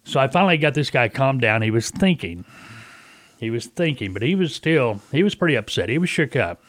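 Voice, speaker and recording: A man's voice: mid-range voice, very animated, a little fast, a bit bright, dry recording. Middle-aged male radio host, folksy storyteller, dry close mic, casual chat. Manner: folksy, storytelling, acts out callers in quotes. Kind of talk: casual talk radio monologue.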